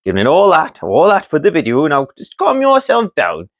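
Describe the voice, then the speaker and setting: A man's voice: on the high side, huge pitch swings, moderate pace, highs cut off. A Geordie man from North East England, a builder vlogger giving a jokey, mock-dramatic monologue to camera, teasing and swearing casually.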